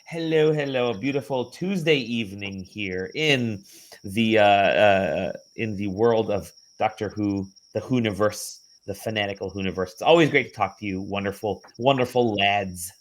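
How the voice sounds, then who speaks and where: A man's voice: lowish voice, moderate pace. A man hosting a podcast over a video call, chatty and enthusiastic in his welcomes. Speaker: podcast host. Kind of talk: casual chat.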